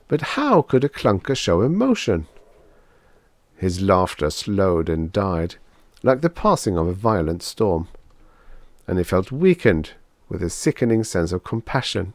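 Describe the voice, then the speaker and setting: Low-voiced man narrating an audiobook. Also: dry recording, clean studio sound. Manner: expressive, dramatic reading. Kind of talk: scripted narration of vintage science fiction.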